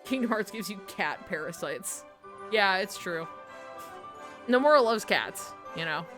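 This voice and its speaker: A woman streamer chatting casually and excitably, swearing and laughing often. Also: mid-range voice, unhurried, soft background music. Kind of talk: casual chat.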